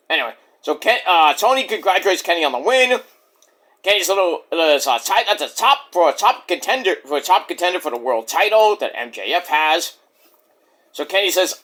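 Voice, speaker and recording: A man's voice: high-pitched, sharp tone. A man recapping a wrestling show in a casual, jokey way, with mocking asides.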